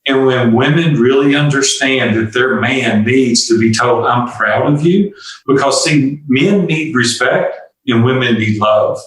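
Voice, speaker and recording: A man's voice: mid-range voice, unhurried, hardly any pauses, distant mic. An older man, a guest entrepreneur, telling personal stories in an earnest, confessional way during an interview. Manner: earnest, confessional, acts out dialogue. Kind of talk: candid storytelling interview. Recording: echoey room, off-mic.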